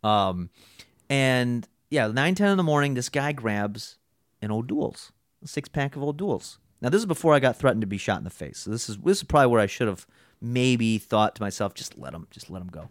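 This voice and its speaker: A male podcast co-host with an animated, medium-pitched voice speaks at normal speed, telling stories casually with lots of swearing and acting out other people's voices. The recording is dry and studio quality.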